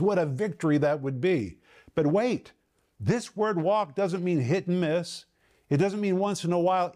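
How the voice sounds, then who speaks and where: Middle-aged male pastor, fairly high voice, emphatic Bible teacher. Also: a little mellow. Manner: emphatic, explains Greek words step by step.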